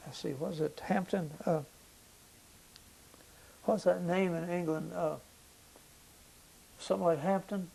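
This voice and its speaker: Gravelly older man recalling wartime travel. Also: sits high, fairly even intonation, mellow, low-quality recording. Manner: halting recollection with many fillers. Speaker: veteran interviewee. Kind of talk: oral history interview.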